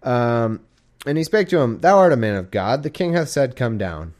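A man's voice: mid-range voice, very animated, moderate pace, darkish tone. A man reading scripture aloud in a casual, irreverent way, breaking off into joking asides and mock-dramatic quoted voices, sounding drowsy. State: drowsy, sleepy. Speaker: casual Bible reader. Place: warm room at home.

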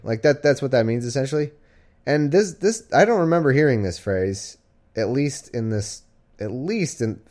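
Man, low-pitched, podcast host, comedic Bible reading, sarcastic, irreverent, casual asides. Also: darkish tone. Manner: reads archaic verse then riffs casually.

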